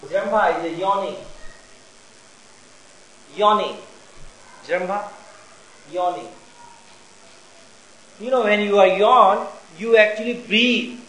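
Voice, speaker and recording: Man, high voice, teaching a lesson; slow, repeats key terms; roomy echo, faint background hum. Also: a bit bright. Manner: explains slowly, repeats each term twice. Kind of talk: lecture. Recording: echoey room.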